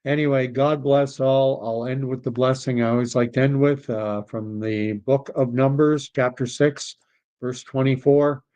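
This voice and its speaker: A man's voice: medium pitch, steady tone, a little slow, a little mellow. A Canadian man hosting a political livestream, chatting casually and rambling as he reacts to messages from viewers. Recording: dull lo-fi stream audio.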